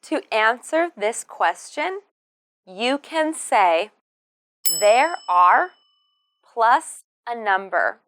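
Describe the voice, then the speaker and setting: A woman's voice: on the high side, big pitch swings, slow, fairly bright tone. A woman teaching English to beginners, speaking patiently and repeating words syllable by syllable. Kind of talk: slow pronunciation drill for beginners.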